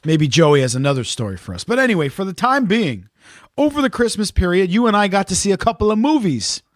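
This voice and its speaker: A fast-talking man with a high voice and big pitch swings co-hosts a casual podcast chat. The recording is dry and clean, studio-grade, and he keeps things chatty and playful while driving the talk.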